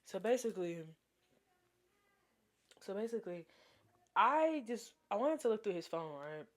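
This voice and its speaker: A young woman telling a dramatic story on her vlog, animated and full of slang. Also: mid-range voice, measured pace. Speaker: vlogger.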